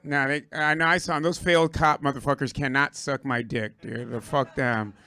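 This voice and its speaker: A hoarse Puerto Rican-born man doing a rambling, profane stand-up set on a club stage, riffing with the crowd. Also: mid-range voice, fairly even intonation, normal speed, sharp tone. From Puerto Rico. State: hoarse, lost his voice. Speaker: stand-up comedian.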